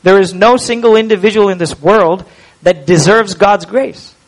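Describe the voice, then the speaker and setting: A man preaches in a voice pitched well above most men's. He is emphatic, drawing words out to stress the point and putting rhetorical questions to his listeners. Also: normal speed, poor audio. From India. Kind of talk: expository sermon.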